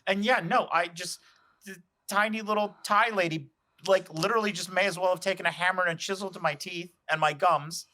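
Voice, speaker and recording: A man co-hosting a podcast in casual chat, quick with sarcastic quips and casual swearing. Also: high voice, steady tone, pushed and bright. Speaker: podcast co-host.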